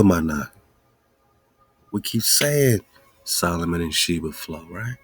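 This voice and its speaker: Slow husky-voiced man, deep and dry. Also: dry recording, faint music behind. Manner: rhetorical questions, excited musing. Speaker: podcast host. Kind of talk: casual monologue.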